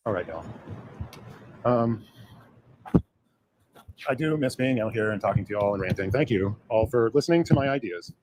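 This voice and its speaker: A man's voice: on the low side, lively intonation, measured pace, long pauses, a little hiss or hum. A man ranting casually on a stream, talking in a loose, hesitant way with many fillers. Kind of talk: casual rant.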